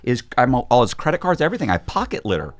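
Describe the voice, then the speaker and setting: A man's voice: mid-range voice, very animated, racing. A man, a podcast guest, telling a story in casual conversation, acting out quoted voices, with frequent restarts.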